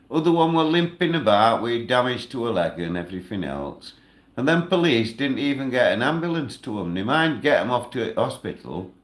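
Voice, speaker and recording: A man ranting and chatting on a livestream in broad northern dialect, with loud outbursts. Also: on the low side. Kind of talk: angry livestream rant. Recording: echoey room.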